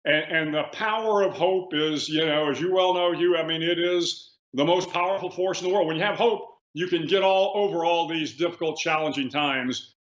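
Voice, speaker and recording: A man in his sixties, a retired admiral, telling stories as a guest in a measured way with frequent restarts, heard over a remote line. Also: on the high side, a bit bright. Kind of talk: remote interview. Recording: echoey, dull remote line.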